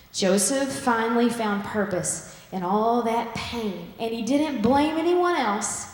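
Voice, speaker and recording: A woman preaching a sermon and retelling a story with lively acted-out voices. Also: a little high, unhurried, few pauses. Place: church sanctuary. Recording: echoey church hall.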